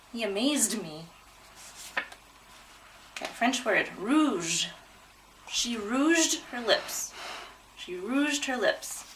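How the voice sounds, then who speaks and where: A woman teaching pronunciation, drawing out each word slowly and clearly. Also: on the high side, a bit bright, recorded from a distance, a little hiss or hum, rough recording. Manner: slow, drawn-out, over-articulated. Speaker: English pronunciation tutor. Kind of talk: demo pronunciation lesson.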